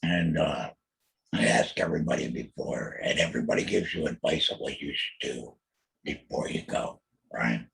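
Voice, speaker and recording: After a laryngectomy, this middle-aged man speaks with an alaryngeal voice that is very low, rough and gravelly, yet animated, a bit bright and moderately paced. He hosts a casual podcast monologue, blunt and profane, repeatedly asking "you know what I mean." The audio quality is poor.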